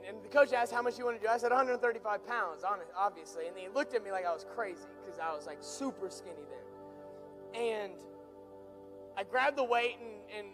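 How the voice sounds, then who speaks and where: A young man preaching through an animated personal story, building from quiet asides to excited shouts. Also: high voice. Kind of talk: storytelling sermon.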